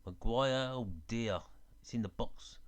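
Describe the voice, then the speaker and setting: A man's voice: mid-range voice, unhurried, smooth. A man from England with a mixed London and Dublin accent, giving casual live-stream football commentary and chatting with viewers. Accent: mix of London and Dublin. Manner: chatty, reading viewer chat between plays.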